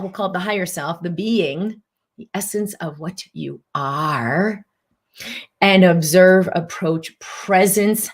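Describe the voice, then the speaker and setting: A woman hosting a live-streamed mind-body teaching talk. She speaks in an earnest, coaching way, repeats key phrases, and acts out panicked reactions with sudden high outbursts.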